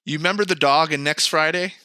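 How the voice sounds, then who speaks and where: A man co-hosting a podcast in casual chat, animated and swearing, who acts out quoted lines. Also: on the high side, quick pace, clear, resonant tone, no echo, studio quality. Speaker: podcast co-host. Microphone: remote call mic, screen sharing.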